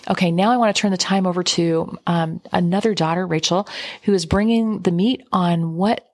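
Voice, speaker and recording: A woman's voice: mid-range voice, fairly even intonation, fairly quick, a little mellow, no echo, studio quality. A middle-aged woman hosting a podcast, telling a personal story in a chatty, emotional way and laughing often. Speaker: podcast host. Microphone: remote recording.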